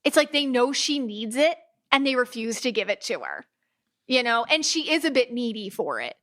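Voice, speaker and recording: A woman hosting a podcast in casual, animated chat, often acting out what others say. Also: fairly high pitch, normal speed. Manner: chatty and animated, with many restarts and quoted asides. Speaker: podcast host.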